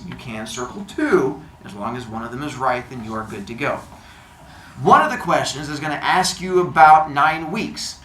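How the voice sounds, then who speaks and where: Playful male teacher, bright echoey voice. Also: fairly high pitch, slight background noise. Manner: playful, jokey, silly made-up words. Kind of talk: classroom instructions. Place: classroom. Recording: echoey classroom, faint ambience.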